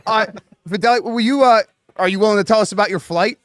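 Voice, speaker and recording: A man's voice: high-pitched, a little fast, fairly bright tone, dry recording, clean studio sound. Easygoing male host asking questions. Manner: easygoing interviewer, brief prompts and questions. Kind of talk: casual interview chat.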